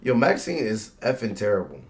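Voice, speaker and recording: A man's voice: lowish voice, fairly quick. Rowdy man reacting to a wrestling show. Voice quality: slangy, profane. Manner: loud, excitable, yells at the screen. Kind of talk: casual live reaction commentary.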